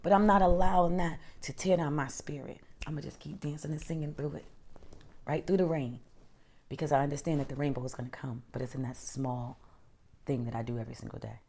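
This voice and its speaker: A woman hosting a podcast, delivering an emphatic, encouraging self-help monologue that swings between loud emphasis and soft, near-whispered lines. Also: low-pitched, fairly even intonation, fairly quick. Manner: emphatic and encouraging, addresses listener as honey and girl. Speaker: podcast host.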